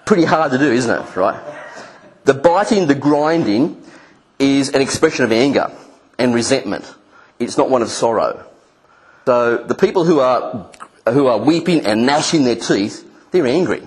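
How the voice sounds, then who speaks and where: A man's voice: expressive, moderate pace, husky. A man preaching a sermon who walks his listeners through a hands-on exercise and jumps into angry voices to act out the people he describes. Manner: acts out angry voices with sudden pitch jumps.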